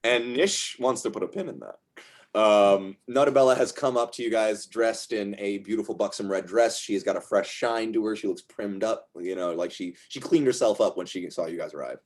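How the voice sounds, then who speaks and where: A man's voice: fairly low pitch, moderate pace. A man narrating as game master, rambling and reaching for words with lots of fillers.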